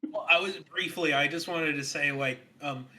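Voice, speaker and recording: A man co-hosts a casual movie review with a very bright, tense tone, pitched a little high. He stumbles through his points with ums and restarts. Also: moderate pace. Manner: hesitant, full of ums and restarts. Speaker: podcast co-host.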